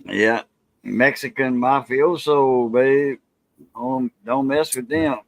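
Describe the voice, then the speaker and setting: A Cajun man hosting a relaxed, rambling chat in a mid-range voice. He talks in a loose, folksy way and keeps circling back to finish his stories. The sound is dry and close, with no room echo. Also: medium pitch, takes it slowly. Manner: rambling, folksy storytelling with laughs. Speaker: channel host. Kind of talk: casual chat.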